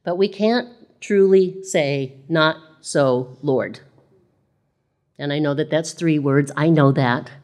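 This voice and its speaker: A woman's voice: low voice, measured pace, warm tone. A woman preaching a sermon in a conversational way, reading scripture aloud and repeating phrases.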